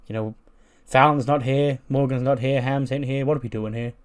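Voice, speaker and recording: A man's voice: medium pitch, fairly even intonation, normal speed, clear, resonant tone, lightly acted. A man voicing an awkward, friendly male wrestler who talks hesitantly, in a game recap.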